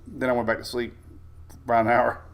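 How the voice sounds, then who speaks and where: A man's voice: mid-range voice, gravelly. Chatty man hosting a weather livestream. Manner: chatty, greets viewers by name, laughs often. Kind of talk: casual live-stream chat.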